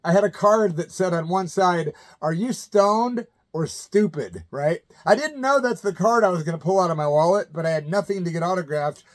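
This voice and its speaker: Midwest guy in his 50s spinning old rock stories, slightly high voice, chatty, acts out everybody. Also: brisk, hardly any pauses. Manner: animated, colloquial, acts out the people he quotes. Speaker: channel host telling stories. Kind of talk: casual anecdotal storytelling.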